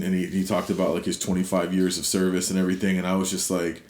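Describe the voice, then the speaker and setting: A middle-aged man earnestly retelling a personal story as an interview guest, animated one moment and low and quiet the next. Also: quick pace, hardly any pauses. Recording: roomy echo.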